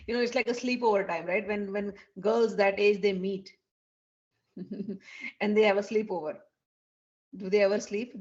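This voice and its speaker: A woman telling a devotional story in an animated way, acting out the characters. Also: mid-range voice. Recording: dull lo-fi recording.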